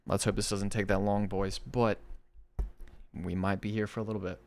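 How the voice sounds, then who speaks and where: A man's voice: on the low side, little pitch movement, moderate pace. Man reading horror stories aloud. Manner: enthusiastic, chatty between stories.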